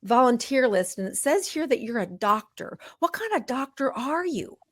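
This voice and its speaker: A woman voicing a chatty older church volunteer lady with a Southern US accent, brisk and pushy. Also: sits high, sing-song, dry recording, pitched above the performer's own voice. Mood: pressing. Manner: brisk, pushy and matter-of-fact.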